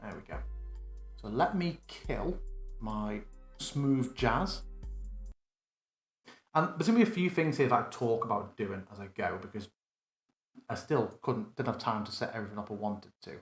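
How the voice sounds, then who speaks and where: A game master with a lowish voice demonstrates a virtual tabletop in a live screen-recorded tutorial, building a scene while thinking aloud and correcting himself. He talks at normal speed with long pauses, in a reverberant space with soft background music.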